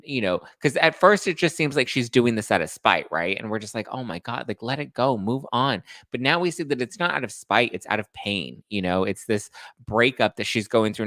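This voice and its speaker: A man's voice: on the low side, fairly bright tone, no room sound, studio quality. Chatty, sassy man recapping reality TV. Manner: fast, chatty, sassy, throws shade. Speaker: podcast host recapping reality TV. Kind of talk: live stream recap, casual chat.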